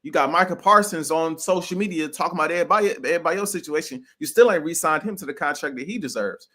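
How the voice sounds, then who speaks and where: On a sports podcast, a man with a fairly high voice talks quickly and casually as a co-host. He's animated and opinionated, packing his speech with slang, repeating "bro," and making his points emphatically.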